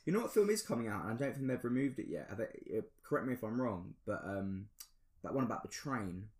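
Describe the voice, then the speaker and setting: A man's voice: mid-range voice, animated, fast. A man co-hosting a casual film podcast, easygoing and agreeable, often saying um. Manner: easygoing, agreeable, lots of ums. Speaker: podcast co-host. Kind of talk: casual chat.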